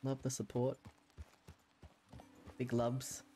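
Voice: medium pitch, monotone, takes it slowly, mellow, a little hiss or hum. An Australian streamer chatting casually during a roleplay game stream, laughing often and swearing freely.

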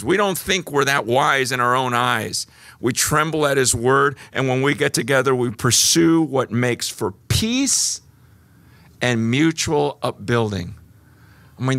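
A man preaching a sermon, moving between hushed, slow passages and animated, emphatic stretches. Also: medium pitch, dry recording. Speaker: pastor.

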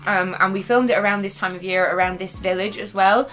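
Bright-voiced young woman. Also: medium pitch, fairly even intonation, brisk, faint music behind, low-quality recording. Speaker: vlogger and guest. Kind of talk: casual chat while eating.

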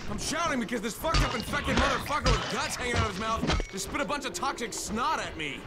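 An actor playing a tough, foul-mouthed male survivor in video game dialogue, speaking gruffly. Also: very high-pitched, lively intonation, brisk. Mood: agitated. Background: loud game music.

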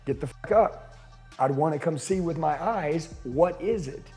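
A man's voice: on the high side, a little slow, a little mellow, soft background music. A man giving a profane, intense motivational talk as a sales coach to an audience.

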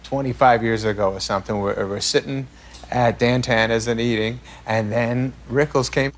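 A man's voice: medium pitch, steady tone, moderate pace, slight background noise. A man telling a comic anecdote as a talk show guest. He rambles, stammers and restarts, and laughs through his own story. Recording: played-back talk show clip with studio audience.

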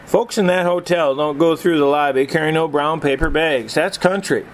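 A man's voice: on the high side, normal speed, a little hiss or hum, lightly acted. A man voicing a proud, commanding older brother who talks in a firm, folksy way. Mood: insistent.

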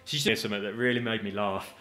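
A man's voice: lowish voice, quick pace, bright, forceful tone, soft background music. A man giving chatty, jokey let's-play commentary, with casual swearing and asides to his viewers. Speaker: gaming video host.

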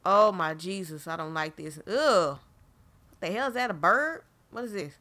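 A woman's voice: on the low side, lively intonation, a little slow, pushed and bright. A woman hosting a gaming channel, commenting on a horror game as she plays, jumpy and exclaiming, talking straight to her viewers into a desk mic. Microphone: desk microphone.

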